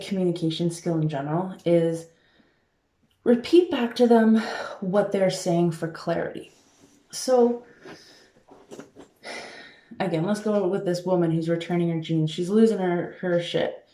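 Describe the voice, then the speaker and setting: A woman's voice: on the low side, mellow. A woman life coach giving emphatic advice to camera in a casual way, with many filler words. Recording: roomy echo.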